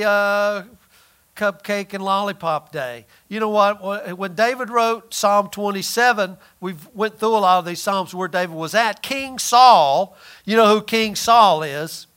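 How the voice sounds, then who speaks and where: A man pastor preaching a sermon, swinging between loud emphatic lines and hushed, near-whispered ones. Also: high-pitched, a little slow, clear, resonant tone.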